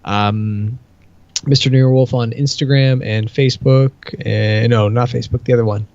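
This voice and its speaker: A man in a casual podcast chat who rambles through his stories, swears freely and acts out both sides of an argument. His voice sits at a middling pitch. The audio is dull and lo-fi. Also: fairly even intonation, normal speed, a little mellow, dry recording. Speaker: podcast co-host.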